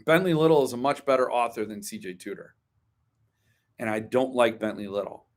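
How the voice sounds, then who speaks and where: Hosting a laid-back live-stream about books, a man speaks a little fast at medium pitch, his delivery expressive. His opinionated talk wanders through ums and asides, sliding into wry grumbles.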